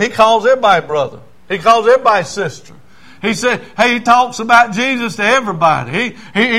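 Folksy preacher, bright high voice. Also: male voice. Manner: folksy, stammering restarts, chuckles. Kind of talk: storytelling sermon.

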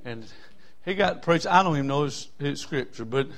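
A man, telling a story in a sermon in a folksy, animated way, with bursts of whooping. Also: a little high, normal speed. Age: 60s.

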